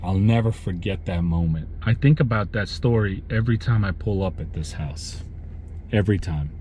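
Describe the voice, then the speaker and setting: A man's voice: lowish voice, dark tone, a little hiss or hum. Emotional man talking while driving. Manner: halting, emotional, with many restarts. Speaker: lawn care business owner vlogging. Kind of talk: emotional vlog storytelling.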